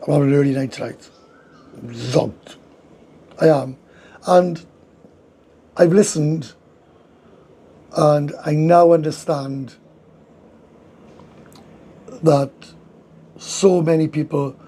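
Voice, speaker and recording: Gravelly tired Welsh man chatting. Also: fairly high pitch, mellow. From Wales. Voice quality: gravelly, husky voice. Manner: fast, slangy and swearing, reading chat comments aloud. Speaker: livestream host. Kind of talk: casual livestream chat. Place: indoors, sitting with a coffee.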